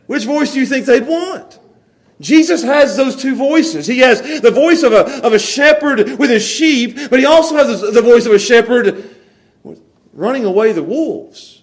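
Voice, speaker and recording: A man's voice: extremely high pitch, lively intonation, moderate pace. A man preaching a sermon in a church, earnest, often repeating and restarting words. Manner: earnest, builds from quiet prayer to emphatic preaching. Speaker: pastor. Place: church sanctuary.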